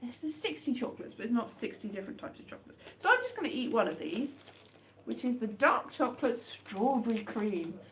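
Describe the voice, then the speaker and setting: Wry rambling woman, lively pitch. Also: fairly quick, a little hiss or hum. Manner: rambling, wry, deadpan jokes. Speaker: livestream host. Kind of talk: casual live chat while eating chocolates.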